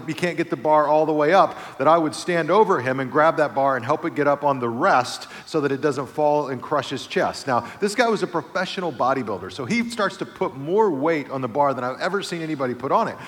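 A man preaching a sermon, telling a funny personal story with lively build-ups before easing into a quieter reflective close. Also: a little high, fast talker, few pauses. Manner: lively storyteller, builds to excited comic peaks then softens. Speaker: pastor. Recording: reverberant hall.

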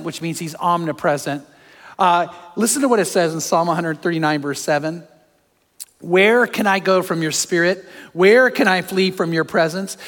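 A pastor preaching a sermon to a congregation, his voice going from loud storytelling down to soft, hushed appeals. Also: high-pitched. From California. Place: large church hall. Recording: long hall reverb.

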